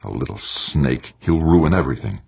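A scheming, brooding man who frets about losing his grip on power, as a man reads him in an audiobook. The voice is extremely deep and husky. It is recorded dry and sounds a little dull and lo-fi. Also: animated, moderate pace, no echo, heavily acted. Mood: anxious. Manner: anxious, brooding inner voice. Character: scheming ambitious man, an ex-convict leader.

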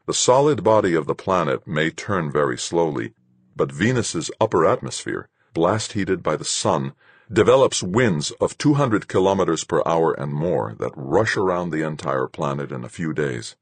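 A man reading a first-person science fiction novel aloud as audiobook narrator, with a steady, measured storytelling delivery. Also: a bass voice, slightly rough, no room sound.

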